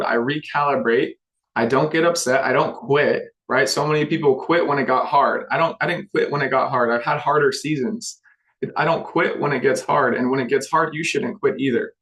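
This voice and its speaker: A man's voice: medium pitch, a bit bright, low-quality recording. A man who leads an insurance sales team, giving a motivational talk with emphatic repetition and rhetorical questions. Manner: emphatic, repetitive, keeps asking "right?".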